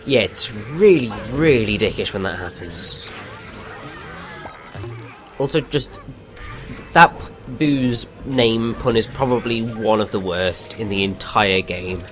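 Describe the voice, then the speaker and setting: Giggly, rambling game co-host. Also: male voice, lowish voice, slow pace, pauses often. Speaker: let's play co-host. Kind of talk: casual gameplay commentary. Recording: faint game music behind.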